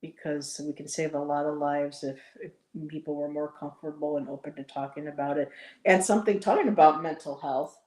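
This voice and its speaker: Chatty Buffalo woman, low and roomy. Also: fairly even intonation, fairly quick, a little mellow. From western New York. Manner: chatty storyteller, voices others in anecdotes. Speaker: stream co-host. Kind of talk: casual live-stream chat. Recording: roomy echo.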